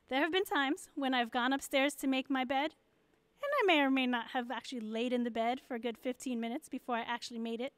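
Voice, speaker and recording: A woman's voice: sits high, clear, resonant tone, no room sound. A pastor's wife giving a church message to mothers, candid and encouraging.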